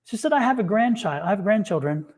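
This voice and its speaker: A man in casual chat, telling an animated story and acting out what people said. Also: sits high, fast talker. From United States. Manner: animated storyteller, acts out quotes. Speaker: psychic reader and co-host.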